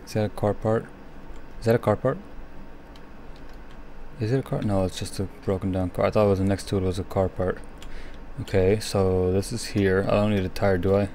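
A young man with a lowish voice talks through a horror game as he plays, jumpy and nervous, often sinking into a whisper. A faint ambient hum sits behind him. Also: steady tone, moderate pace, pauses often, warm tone. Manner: jumpy, nervous running commentary. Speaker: gaming streamer.

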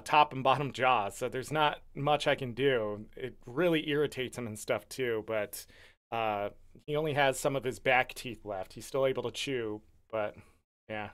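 A male streamer chatting casually and warmly gushing about his pet during a live game stream. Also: mid-range voice, clean tone. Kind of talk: casual livestream chat.

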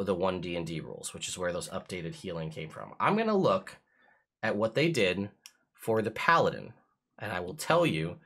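With a voice on the low side, a man game-masters a streamed tabletop game and explains the rules with excited chuckles.

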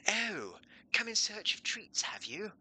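A man's voice: high-pitched, big pitch swings, a little slow, sharp tone, breathy edge, voice pushed up, full character voice. A man voicing a posh, fussy male bug who loves treats, with an affected, plummy delivery. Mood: delighted.

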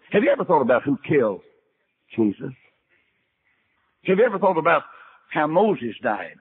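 An older man with a slightly high, somewhat rough voice preaches a sermon, telling Bible stories in a folksy style and voicing the dialogue himself. It's a tinny archival sermon recording.

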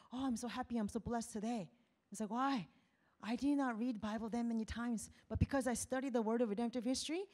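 A woman missionary preaching a lively sermon, asking the congregation questions, acting out voices and dropping to a whisper for emphasis. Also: on the high side. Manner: animated, asks the congregation questions, acts out quotes.

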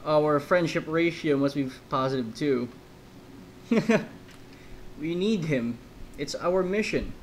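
A man's voice: on the high side, slow pace, long pauses, slight background noise, low-quality recording. A man giving casual let's-play commentary, rambling between jokey asides.

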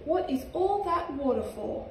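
Helpful platypus read by an Australian woman, high voice, echoey room. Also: big pitch swings, a little slow, a little mellow, a little hiss or hum. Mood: advising. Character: know-it-all male platypus. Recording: echoey room, far from mic.

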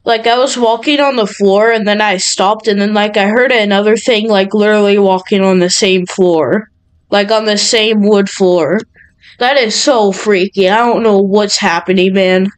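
A woman's voice: mid-range voice, fairly even intonation, normal speed, clear, resonant tone, rough recording. A young woman playing a horror game for her channel, nervous and jumpy as she talks to her viewers. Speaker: gaming channel host. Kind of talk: horror game let's play commentary.

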